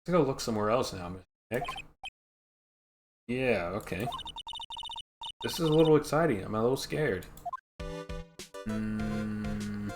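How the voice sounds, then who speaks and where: A man's voice: on the low side, expressive, unhurried, long pauses. A man streaming a game, reading its dialogue aloud and making offhand jokes. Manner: joking, offhand. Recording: game music playing behind.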